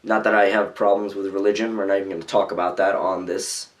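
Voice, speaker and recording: A man's voice: deep voice, level tone, fast talker. Rambling young man vlogging casually. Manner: rambling, loose, frequent fillers. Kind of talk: casual vlog commentary.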